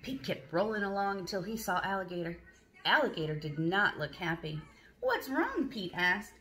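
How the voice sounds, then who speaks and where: A preschool teacher reading a picture book aloud, pausing to quiz the children and praise them. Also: female voice, fairly low pitch, steady tone, fairly bright tone, slight background noise. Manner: slow, questioning, encouraging.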